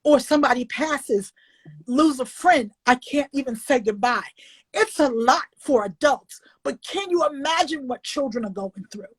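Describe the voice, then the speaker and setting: A woman's voice: normal speed, slightly rough. An older woman, an author and illustrator, talking in a folksy, emotional way on a video call interview. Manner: expressive, folksy, emotional, swings up high when animated. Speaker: children's book author and illustrator.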